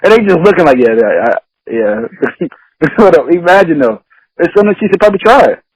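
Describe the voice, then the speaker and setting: A man's voice: high-pitched, expressive, racing, husky, low-quality recording. A man talking on a casual podcast. He laughs often, swears freely and acts out the people in his stories. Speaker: podcast host.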